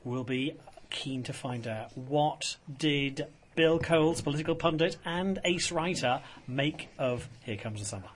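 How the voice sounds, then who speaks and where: A man's voice: fairly high pitch, measured pace. A man presenting a casual radio chat show in a studio, rambling with many fillers and restarts. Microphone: studio microphone.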